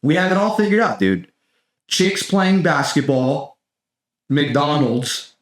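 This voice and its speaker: A man's voice: a little high, expressive, slow. A young American man hosting a podcast, riffing in a rambling, profane, sarcastic comedic monologue and saying "dude" constantly. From United States. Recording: echoey room.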